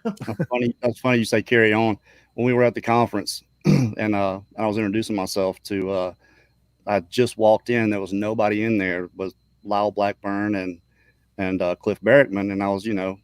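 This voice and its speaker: A man co-hosting a paranormal talk show, chatting casually and then reading a listener's story aloud, often clearing his throat and restarting his sentences. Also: lowish voice, flat delivery, normal speed, no echo. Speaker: podcast co-host.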